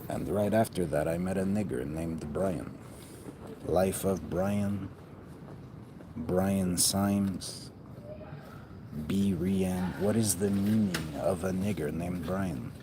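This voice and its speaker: A man with a very low voice talks slowly, rambling from one thought to the next and trailing off mid-sentence. His speech is coarse and profane. Clear background noise runs under the recording. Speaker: vlogger. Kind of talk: rambling monologue.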